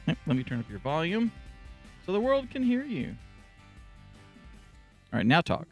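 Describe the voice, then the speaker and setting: A man's voice: a little high, huge pitch swings, normal speed, faint music behind. A man hosting a casual live stream show, playful and joking while he sets things up. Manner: playful, jokey, multitasking. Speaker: show host.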